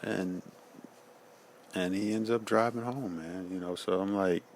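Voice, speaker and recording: A man's voice: deep voice, fairly even intonation, measured pace, a little hiss or hum. A man giving a casual personal testimony, slangy and loose, often saying "man" and "you know.".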